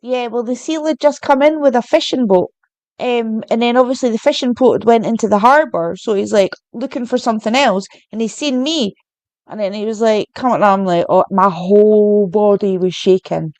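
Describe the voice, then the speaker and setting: High-voiced woman telling a story, dry sound. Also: moderate pace, a little mellow, no room sound. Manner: chatty storytelling, laughs easily. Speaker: co-host of a live stream. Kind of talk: casual chat.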